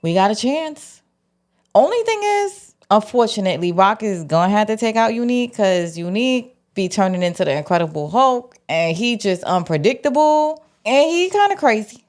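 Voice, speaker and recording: A woman's voice: on the high side, darkish tone. A woman host breaking down a TV episode in casual, slangy chat, acting out the characters' lines as she goes. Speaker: TV recap host.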